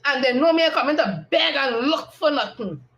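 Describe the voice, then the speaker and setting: A woman's voice: high-pitched, expressive, normal speed, a bit bright, poor audio. A woman with a Trinidadian accent, giving a blunt, combative live-stream monologue and repeating her points for emphasis. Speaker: political commentator on a live stream.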